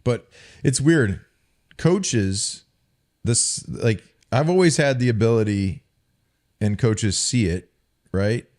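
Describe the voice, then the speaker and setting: A man's voice: medium pitch, animated, slow, long pauses, darkish tone. A man co-hosting a podcast, casually telling profane, sarcastic stories about his old coaches. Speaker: podcast co-host, former football player. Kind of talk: casual chat, storytelling.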